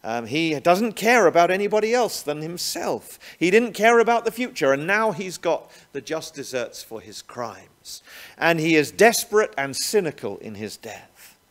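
Male preacher, fairly high voice, very lively pitch, asks the listener rhetorical questions. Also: normal speed. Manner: animated, rhetorical tag questions. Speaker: pastor. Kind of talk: sermon.

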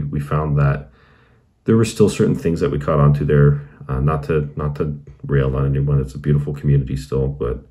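A man with an extremely deep voice and a dark, mellow tone tells his own conversion story for his channel. He talks in an earnest, meandering way and leans often on "you know". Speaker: channel host.

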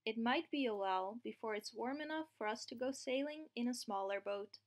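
A woman's voice: fairly high pitch, fairly quick, close to an everyday voice. A woman reading aloud as a friendly young man who explains things patiently.

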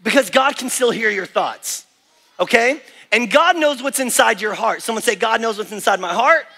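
Energetic male kids-camp preacher, high and bright, long hall reverb. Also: normal speed, gravelly. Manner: animated, energetic, acts out little prayers in different voices. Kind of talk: lively preaching to children. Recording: echoey hall with faint music.

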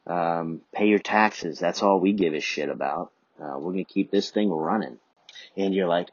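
A man's voice: low-pitched, normal speed, husky, no echo, highs cut off. A man hosting a podcast who rambles through a profane comic monologue, jumping from one tangent to the next. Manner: profane, riffing, jumps between tangents. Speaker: podcast host.

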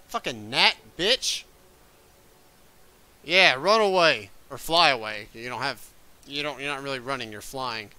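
A young man talks his way through a video game in a casual, swear-filled commentary. His voice is bright and clean, and he draws his words out slowly. He jumps up in pitch with gasps and yelps whenever something startles him. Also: clear, resonant tone. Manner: excitable, swears often, yelps and gasps at scares. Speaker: gaming video creator.

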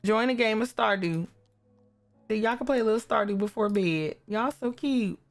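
A woman's voice: on the high side, moderate pace, faint music behind. A woman casually commenting on her life-simulation game, talking to the characters and exclaiming at what they do. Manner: animated, exclaiming, talks to the characters. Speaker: gaming YouTuber.

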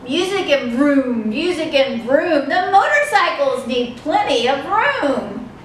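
A woman leading a children's storytime, reading aloud in a slow, sing-song, expressive way. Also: sits high, slight background noise. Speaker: children's librarian. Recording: echoey room, mic far off.

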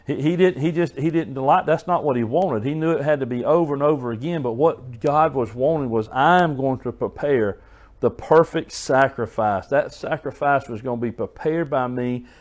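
A man's voice: mid-range voice, moderate pace, darkish tone. A man preaching a sermon, earnest and folksy, telling stories and often restarting his phrases.

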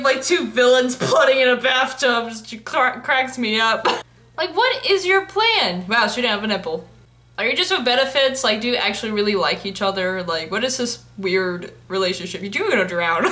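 High, bright, giggly young woman. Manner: giggly, talks back at the screen. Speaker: anime reaction host. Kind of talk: casual reaction commentary.

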